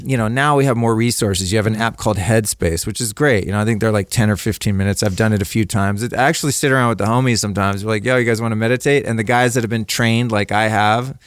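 A man's voice: on the low side, clean tone, no room sound, studio quality. A man speaking as a podcast guest, telling personal stories in a candid, laid-back way and swearing freely. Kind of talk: casual conversational storytelling.

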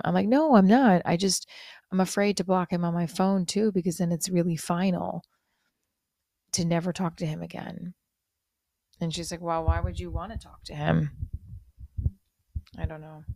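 A middle-aged woman with a low, gravelly voice talks through a confessional podcast monologue. She rambles and restarts with many fillers, sounding hurt and low-spirited. The recording is dry and close. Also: darkish tone, no echo. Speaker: podcast host.

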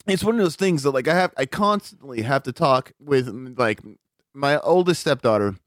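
A man's voice: mid-range voice, normal speed, no room sound, clean studio sound. A forty-year-old man telling a story in casual chat, swearing freely and acting out quotes. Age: 40s. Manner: profane, animated storytelling with acted-out quotes.

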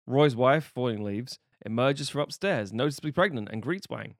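A man's voice: mid-range voice, lively intonation, no echo, studio quality. A man co-hosting a casual podcast, bantering and joking with friends and swearing, sometimes reading a plot summary aloud. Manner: jokey, quick banter, swears. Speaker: podcast co-host. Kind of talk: casual chat.

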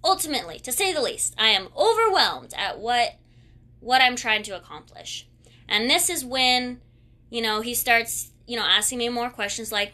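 A woman's voice: a little high, expressive, unhurried, bright, forceful tone. A woman in her twenties telling a personal story in a rambling, candid way, often correcting herself as she goes. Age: 20s.

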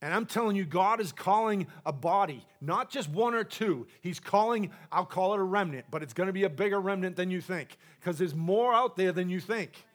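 A man preaching a charismatic sermon to a congregation in a church, passionate, swinging between loud exhortation and soft asides. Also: high-pitched, normal speed, hardly any pauses. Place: church sanctuary.

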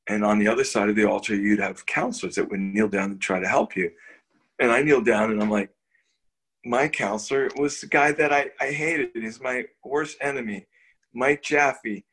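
With a fairly low pitch and moderate pace, an older man tells his own story as a guest in an interview. The delivery is casual and spirited, punctuated by chuckles and words he restarts.

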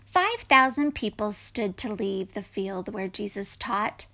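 A woman reading a rhyming children's story aloud in a gentle voice that drops to whispers. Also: mid-range voice, unhurried, vocal fry.

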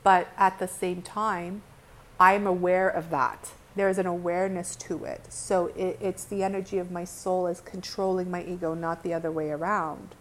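A woman's voice: lowish voice, little pitch movement, moderate pace, a little hiss or hum. A woman giving an earnest, impassioned spiritual monologue to her viewers. She talks bluntly, curses now and then, and restarts her sentences often with "like". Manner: blunt, with occasional cursing. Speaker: spiritual teacher.

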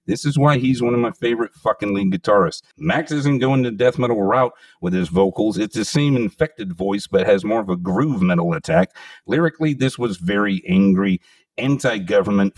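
A man's voice: fairly low pitch, moderate pace, a little mellow, no room sound, far from the mic. A man hosting a metal podcast, reading enthusiastic album reviews and chatting with profane emphasis. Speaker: podcast host. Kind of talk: casual podcast chat with read reviews.

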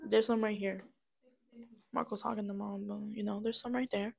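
Giggly young woman with a gravelly edge. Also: mid-range voice, level tone, normal speed, darkish tone. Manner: chatty, giggly, eating while talking. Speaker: co-host. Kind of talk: casual chat while eating.

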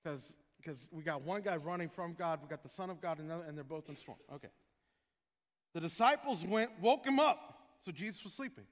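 A man preaching a sermon as pastor, joking with his congregation and breaking into loud shouted prayers. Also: on the high side, lively intonation, normal speed, in a large hall.

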